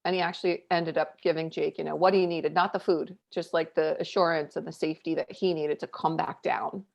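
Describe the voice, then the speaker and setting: A woman in her thirties, a podcast co-host, telling a family story in casual chat, candid and animated with lots of fillers. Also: low-pitched, a little fast, gravelly. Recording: dull lo-fi audio.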